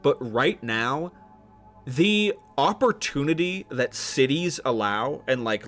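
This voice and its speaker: A young man live-streaming, thinking out loud in a loose, animated ramble full of restarts and casual swearing. His voice sits at an ordinary male pitch. Soft music plays faintly behind him.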